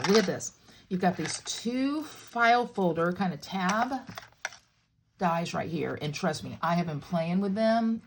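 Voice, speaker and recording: A middle-aged woman talks viewers through a craft project in a casual, joking way. Her pitch swings up and down freely, and her voice has a gravelly edge. A faint hiss sits behind her. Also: darkish tone. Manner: chatty and playful, jokes with viewers. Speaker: crafting tutorial host.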